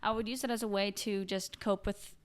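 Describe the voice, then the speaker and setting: A woman's voice: mid-range voice, flat delivery, fairly quick, clean tone. A young woman hosting a casual interview, chatty and relatable, sharing her own experiences with lots of fillers. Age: young adult. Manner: chatty, relatable, heavy use of "like" and "you know". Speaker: podcast host.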